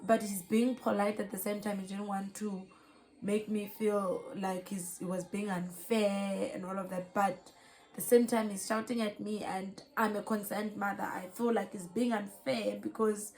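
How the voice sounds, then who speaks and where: A woman's voice: medium pitch, steady tone, moderate pace, gravelly, a little mellow, rough recording. A South African mother giving an earnest, emotional personal testimony, with many fillers. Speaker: mother sharing her story.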